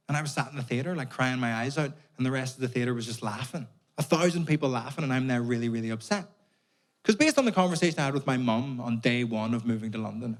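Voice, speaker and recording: A young Irish man doing a stand-up comedy set, telling stories casually with plenty of swearing and putting on voices for other people. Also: medium pitch. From Northern Ireland. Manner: conversational storytelling, swears freely, puts on voices for others. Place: theatre stage before a laughing audience.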